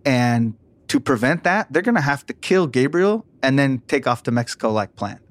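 A man's voice: medium pitch, normal speed, no echo. A man retelling a police case in casual podcast storytelling, acting out the voices of people in the story. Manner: animated, acts out voices in his story. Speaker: former police detective recounting a case.

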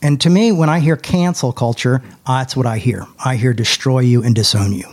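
Young man, podcast co-host, animated storyteller who jumps up in pitch when he quotes people. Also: normal speed. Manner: animated, rises high when quoting others. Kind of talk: casual storytelling chat.

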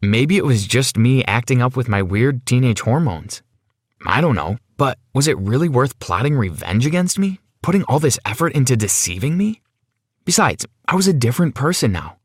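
A man's voice: medium pitch, big pitch swings, normal speed, dry recording, clean studio sound. A young man narrating a first-person story in a dramatic, self-questioning way.

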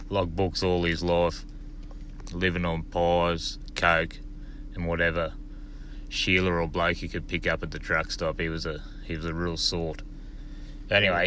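A man's voice: sits low, pushed and bright, slight background noise. An Australian man leaving a recorded voice message from his car, telling a crude yarn in a laconic way. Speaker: caller. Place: in a vehicle on the road.

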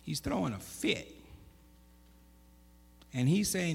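A man preaching a sermon, with loud emphatic bursts, stammered restarts and questions to the congregation. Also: sits low, animated, unhurried, long pauses, breathy edge, faint music behind. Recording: echoey hall.

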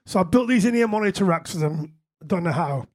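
Musician bloke on stage, high pitched, rambling funny stories. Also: male voice, expressive, a little fast, a little mellow. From England. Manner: chatty anecdotes, frequent laughter, casual swearing. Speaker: musician guest. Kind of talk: live on-stage Q&A storytelling.

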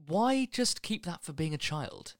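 A man's voice: on the high side, sing-song, a little slow, dry recording, clean studio sound. A young man, co-hosting a podcast, chatting bluntly and swearing casually. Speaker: podcast co-host. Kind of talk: casual chat.

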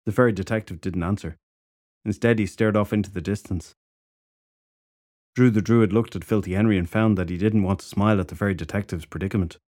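A man narrating a fantasy novel audiobook in a steady, even storytelling manner. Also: lowish voice, brisk, no room sound, studio quality.

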